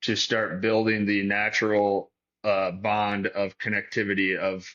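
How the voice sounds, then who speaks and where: Man from Detroit, performance coach, podcast guest; bright, lo-fi, thinks aloud. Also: on the low side, monotone, a little slow. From Detroit, Michigan. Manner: philosophical, thinks aloud with restarts. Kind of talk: reflective podcast conversation.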